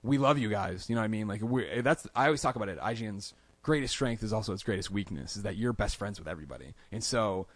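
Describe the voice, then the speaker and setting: Fast-talking man telling stories in a dry studio. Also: fairly low pitch, dry recording. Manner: animated, acts out quoted lines in a raised voice. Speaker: podcast guest. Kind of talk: casual storytelling interview. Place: podcast studio.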